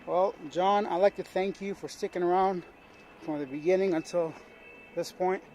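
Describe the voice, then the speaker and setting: A man's voice: high-pitched, steady tone, moderate pace, a little mellow, rough recording. A man vlogging outdoors on rocky hills, talking to the camera in a chatty, self-mocking way. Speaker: travel vlogger. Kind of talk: casual vlog narration. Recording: outdoor mic with wind and street noise. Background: traffic, car horns and dogs outdoors.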